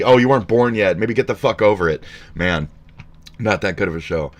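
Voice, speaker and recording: A man's voice: lowish voice, moderate pace, long pauses. Guy streamer ranting, cussing a lot, mocking everything, voice bouncing all over. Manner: crude, profane, mocking, animated. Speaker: streamer reacting to posts. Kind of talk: casual ranting commentary.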